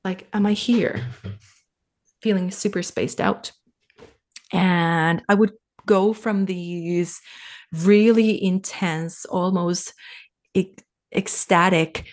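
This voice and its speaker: Reflective woman from Finland, lowish voice. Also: takes it slowly, long pauses. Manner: reflective, animated when quoting herself. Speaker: podcast guest, sales coach. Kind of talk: casual interview talk.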